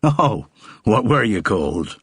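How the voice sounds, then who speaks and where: A man's voice: lowish voice, very animated, slow pace, a bit bright, slightly rough, dry recording, clean studio sound, voice pushed up, exaggerated voice. A man voicing a wary American star. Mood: guarded. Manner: cautious, guarded.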